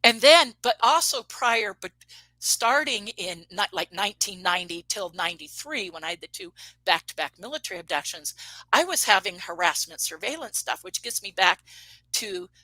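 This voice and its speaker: A woman in her fifties tells a personal story as an interview guest, with a bright, forceful tone. She brings the quoted dialogue to life with animated delivery and restarts her sentences as she goes. The recording is dry and close. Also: medium pitch, moderate pace, no room sound, rough recording.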